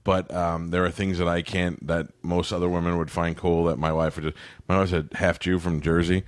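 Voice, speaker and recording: A man's voice: sits low, flat delivery, moderate pace, dry recording. A man co-hosting a casual comedy podcast, talking in a rambling, bawdy way with many restarts and asides.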